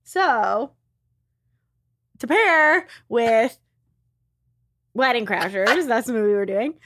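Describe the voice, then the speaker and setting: A woman's voice: fairly high pitch, expressive, slow, noisy background. A woman co-hosting a casual podcast, rambling along with frequent giggles and restarts. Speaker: podcast co-host.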